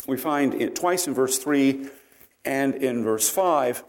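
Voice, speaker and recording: An earnest male preacher walking his listeners through a passage of scripture. His voice sits in an ordinary middle pitch, and he thinks aloud with "uh" and "um" as he explains each point. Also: slow pace. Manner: earnest, explanatory, frequent fillers. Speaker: pastor. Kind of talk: sermon.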